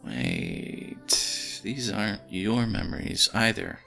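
A man voicing a weathered, wry bearded man who talks in a hushed, joking drawl. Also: on the low side, huge pitch swings, takes it slowly, creaky, soft background music, exaggerated voice.

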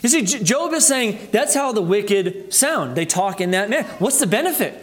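A man preaching a sermon as pastor, earnestly calling his listeners brethren, his voice climbing high and loud for emphasis, then dropping low and quiet. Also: animated, normal speed. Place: church sanctuary.

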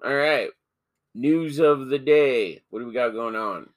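A man's voice: medium pitch, measured pace, no echo. A man co-hosting a podcast in casual chat, joking crudely and swearing freely. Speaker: podcast co-host.

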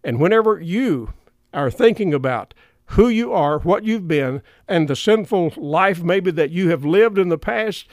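A man's voice: high-pitched, animated, unhurried, a little mellow, no echo, studio quality. A middle-aged man preaching a sermon earnestly, with emphatic repetition of key phrases.

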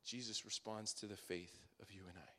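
A man preaching a sermon to his church, building phrases up and letting them fall away to a hush. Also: fairly low pitch, steady tone, moderate pace. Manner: dramatic, swelling then dropping to hushed phrase endings.

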